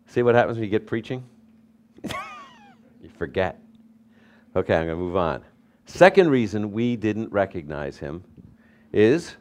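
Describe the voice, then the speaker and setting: A low-voiced male pastor preaches a sermon, telling stories that swing lively between loud emphasis and soft asides.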